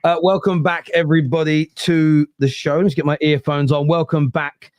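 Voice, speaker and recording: A man's voice: on the high side, little pitch movement, normal speed, darkish tone, dry recording, lo-fi sound. A man hosting a football fan podcast live, chatting frankly and reacting to viewer messages. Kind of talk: casual live-stream chat.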